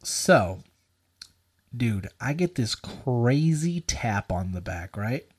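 A man in a casual chat spins a story with a lively, swooping voice, dropping likes, dudes and swear words constantly. His delivery is loose and animated, with a pitch that jumps all over as he gets into it. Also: takes it slowly, husky. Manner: animated, profane, filler-heavy with many likes and dudes.

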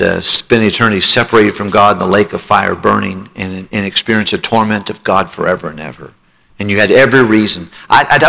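A man's voice: on the low side, vocal fry, pushed and bright. A man preaching a sermon, telling his own testimony and pleading with listeners to respond. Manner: emotional testimony, rising to pleading altar call. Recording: long hall reverb.

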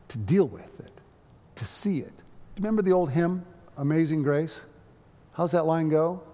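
A man preaching a sermon as pastor, telling stories with frequent restarts and slowing down to stress quoted lines. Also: a little high, dark tone, breathy edge. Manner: storytelling with frequent restarts and slow emphasis on quotes. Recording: long hall reverb.

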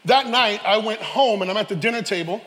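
A man preaching a sermon, animated, with joking asides and shouted peaks. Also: high-pitched, a little fast. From New York, Harlem. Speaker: pastor. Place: church sanctuary. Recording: reverberant church hall.

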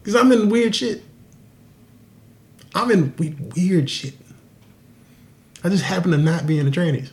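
Give me a male podcast host with a lively, swinging voice, telling a profane story casually. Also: high voice, measured pace, long pauses. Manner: profane, animated, laughing often.

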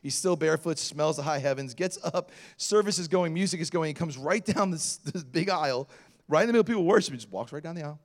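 A middle-aged pastor tells a story from his own life during a sermon. His voice sits a little high for a man. He acts out each quoted line, jumping from loud and excited to hushed and low. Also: fast. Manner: animated storyteller acting out quotes.

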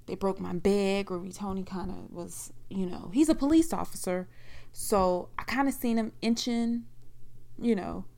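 A woman's voice: mid-range voice, steady tone, moderate pace, vocal fry, dark tone. A woman telling a personal story in a frank, profane, rambling conversational way.

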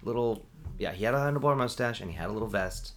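A man's voice: on the low side, fast, slight background noise. A man who works as a bartender, chatting casually and acting out the people in his stories, with lots of filler words. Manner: animated storyteller, acts out quoted voices, heavy "like" filler. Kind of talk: casual chat.

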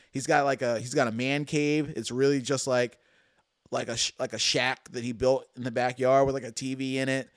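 A man's voice: mid-range voice, clean tone, no room sound, clean studio sound. A man hosting a casual chat, laid-back and slangy.

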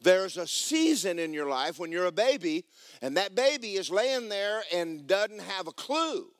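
A pastor preaching in church, his voice sitting fairly high for a man and swinging widely up and down. He hammers his points home with emphatic, homespun humor. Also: very animated, a little slow, no echo. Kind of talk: sermon. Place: church sanctuary.

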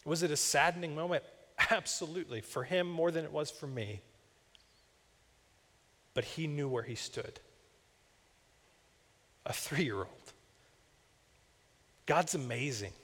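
A young man, a campus minister, preaches in a conversational, storytelling way, with personal anecdotes and asides. His voice sits a little high and fairly bright, a little slow, with long pauses. Long reverb from a large church hall fills the recording.

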